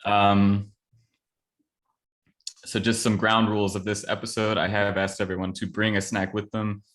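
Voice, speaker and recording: A man's voice: on the low side, level tone, moderate pace, long pauses, a bit bright. A man hosting a podcast in casual chat. He sounds playful and loose, laughing often and using fillers. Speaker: podcast host.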